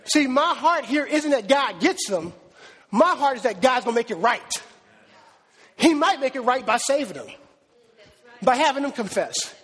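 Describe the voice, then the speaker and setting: High husky guy preaching, big echoey hall. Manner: animated, emphatic preaching with repeated words. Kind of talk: sermon. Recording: long hall reverb.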